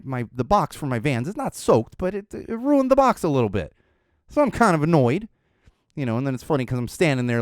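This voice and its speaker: Recording in a podcast studio with a studio mic, a Southern California host spins a long, loose story, chuckling and using plenty of fillers. He has a medium-pitched, darkish voice, and the sound is clean with no echo.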